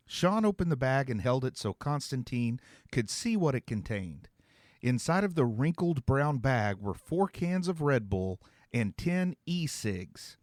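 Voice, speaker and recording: A man reading his own novel aloud as an expressive storyteller. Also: medium pitch, measured pace, dry recording, studio quality. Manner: expressive storytelling, voicing several characters. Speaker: author and narrator. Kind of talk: scripted narration.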